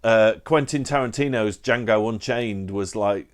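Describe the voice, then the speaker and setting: A British man talks to his camera in an easy, unhurried way. He rambles and trips over his words, cutting in on himself with wry, self-deprecating asides. His voice sits at an everyday pitch. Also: animated. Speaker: book collector vlogger. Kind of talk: casual chat to camera.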